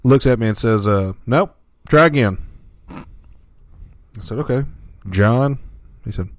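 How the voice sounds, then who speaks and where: A man's voice: lowish voice, unhurried, darkish tone, no echo. A man chatting casually on a podcast, laid-back and telling stories with frequent laughs. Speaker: podcast host. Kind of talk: casual chat.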